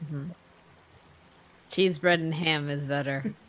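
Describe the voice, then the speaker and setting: A woman's voice: sits low, steady tone, slow, a bit bright, slight background noise. A woman chatting as a player in an online tabletop game, trailing off and correcting herself over a desktop mic. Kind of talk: casual chat at a tabletop game.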